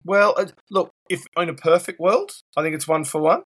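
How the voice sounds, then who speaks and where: A man's voice: high voice, normal speed, a bit bright, breathy edge, no echo. A man co-hosting a casual podcast over a video call, blunt, sweary and rambling. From New Zealand. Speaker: podcast co-host. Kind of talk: casual banter.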